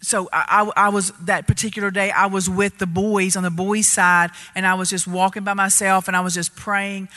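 A woman telling a story in a sermon, animated and loud, getting louder as she gets excited. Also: medium pitch, moderate pace, few pauses. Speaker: preacher. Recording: reverberant hall.

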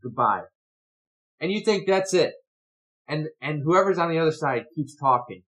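A man telling a funny family story on a casual podcast, animated and ready to act out the people in it. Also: a little high, normal speed, low-quality recording. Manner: animated storyteller, shouts when acting out his parents. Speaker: podcast co-host.

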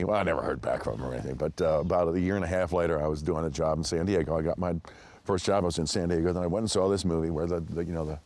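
This very deep-voiced actor, a guest in an interview, tells anecdotal stories at great speed. He's animated, voicing other people's lines higher, and his rambling is full of restarts and laughter.

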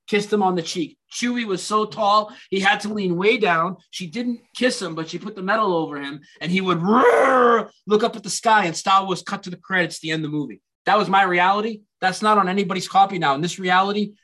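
A man's voice: sits high, rough recording. A man as a guest in a casual conversation, eagerly telling stories and quoting movie lines. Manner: animated storytelling, quotes movie lines.

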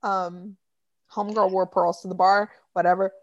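A woman's voice: mid-range voice, flat delivery, dry recording, highs cut off. Woman, young adult, podcast host, casual chat, talkative, swears, dry close sound. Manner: chatty, cuts in, swears, quick asides. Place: home.

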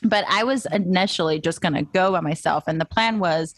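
A young woman photographer, a guest in a casual interview, talks briskly in a lowish voice about moving to Austin. She acts out her own past thoughts as she tells her story, with no echo on the recording.

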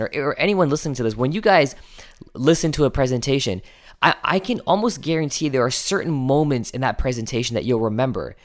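On the coaching podcast he hosts, a mid-range-voiced man delivers instructional material, shifting his speed and stressing important words. Now and then he counts items out loud to himself.

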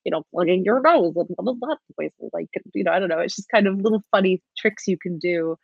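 A woman game master chatting as a podcast guest, animated and laughing often. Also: fairly low pitch, brisk, gravelly, breathy edge, dry recording, muffled recording. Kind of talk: casual interview talk.

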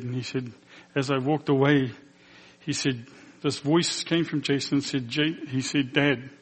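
A man who is a pastor telling a personal testimony in a sermon, emotional and earnest, acting out the dialogue as he tells it. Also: mid-range voice. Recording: long hall reverb.

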